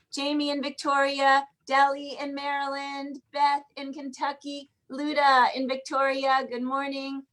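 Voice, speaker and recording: A woman's voice: high-pitched, pushed and bright. A woman hosting a live online song circle, chatty and greeting attendees one by one by name over a video call. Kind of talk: live online welcome and announcements.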